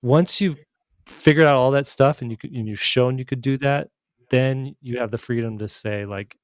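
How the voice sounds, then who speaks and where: Relaxed man chatting about art. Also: mid-range voice, moderate pace, dry recording, clean studio sound. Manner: relaxed, conversational, compares art to music. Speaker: art instructor. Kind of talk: casual podcast discussion.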